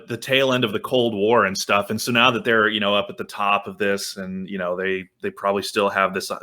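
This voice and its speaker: Low, bright-voiced podcast host. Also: male voice. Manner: thoughtful, hesitant with restarts. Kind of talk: casual political chat.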